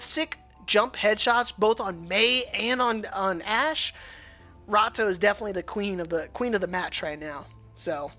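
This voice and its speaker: A man casting a live esports match alone, excitable and laughing often, his voice worn hoarse from shouting. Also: high-pitched. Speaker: solo esports caster. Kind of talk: live esports play-by-play commentary.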